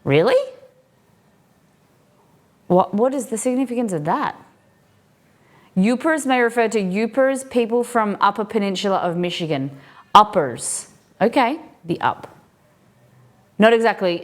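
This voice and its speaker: A woman streaming live, chatting casually with her viewers as she looks over a collection, curious and full of questions. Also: mid-range voice. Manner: curious, asks many questions, excited exclamations. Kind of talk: casual unboxing chat with viewers.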